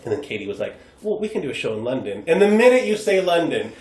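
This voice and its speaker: Animated American man in a roomy space. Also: a little high, fast. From United States. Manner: animated, acts out quoted voices. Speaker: guest improv performer. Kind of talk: casual podcast chat. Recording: roomy echo.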